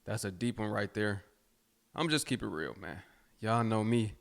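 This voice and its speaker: A man's voice: on the low side, normal speed, gravelly. A man reacting to clips in earnest, preachy commentary.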